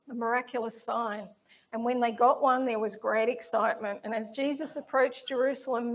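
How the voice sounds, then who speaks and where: A woman preaching a sermon, reading scripture in a slow, measured, reflective way. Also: fairly high pitch.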